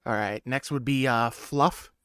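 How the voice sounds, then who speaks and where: A man introducing a tabletop role-play session as game master, joking and loose, with quick asides. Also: medium pitch, steady tone, fairly bright tone, smooth, no room sound, clean studio sound. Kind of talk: casual game intro chat.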